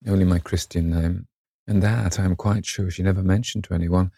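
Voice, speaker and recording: A man reading the lines of a vain, petulant young gentleman in an audiobook, pleading and imperious by turns. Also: low-pitched, fairly even intonation, creaky, no echo, clean studio sound. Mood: wistful. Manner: pleading then imperious, measured delivery.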